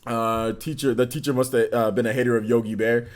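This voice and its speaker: A man hosting a casual livestream chat, telling animated stories and laughing often. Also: mid-range voice, fairly quick. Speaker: host. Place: indoors under studio lights. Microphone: on camera.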